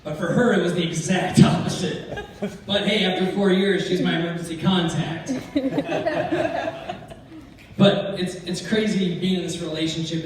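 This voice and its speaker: A man's voice: a little high, background noise. A man doing a stand-up comedy set, telling brash, profane stories and acting out the lines of others. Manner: brash, profane storytelling with acted-out quotes. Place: comedy club stage. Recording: echoey club from far off. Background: audience laughter.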